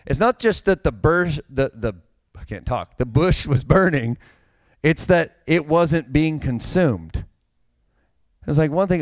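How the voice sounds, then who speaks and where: A man's voice: on the high side, moderate pace, smooth, no echo. A middle-aged man, a pastor, preaching a conversational sermon and telling stories with growing animation. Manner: conversational, animated storytelling with a dry joke.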